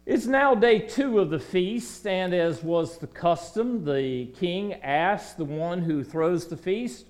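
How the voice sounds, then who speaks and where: A man preaching a sermon in a dramatic way, dropping to a hush and then rising to loud declaiming. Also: sits high, animated, slow.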